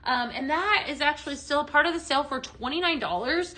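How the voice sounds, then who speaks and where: Bright-voiced woman hosting a live sale. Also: high-pitched, a little fast. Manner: chatty, upbeat sales patter with many fillers. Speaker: home-fragrance live-sale host. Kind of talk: casual live-stream product demo.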